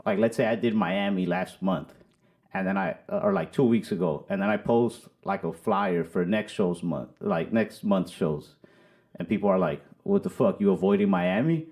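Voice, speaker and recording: A man's voice: low voice, normal speed, darkish tone. A young man, a comedian guest on a podcast, telling stories in loose casual talk full of "like" and swearing. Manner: loose, profane storytelling with many "like" fillers. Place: podcast studio. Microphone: studio microphone.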